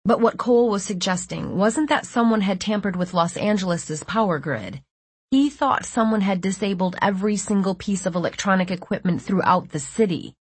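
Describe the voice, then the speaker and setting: A woman reading a first-person audiobook narration in a steady, measured way. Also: mid-range voice, husky, dry recording.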